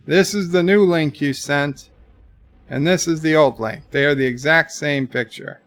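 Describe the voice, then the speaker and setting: A man hosting a casual livestream, reading chat messages aloud with dry, jokey replies. His voice is gravelly, a little high, and he takes his time. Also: unhurried. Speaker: livestream host.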